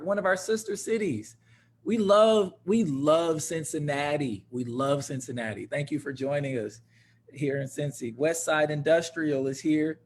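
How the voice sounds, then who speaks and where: A man's voice: on the high side, breathy edge. A young man from Michigan, hosting a livestream and energetically greeting viewers by name and city in a casual style. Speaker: host of a livestreamed talk.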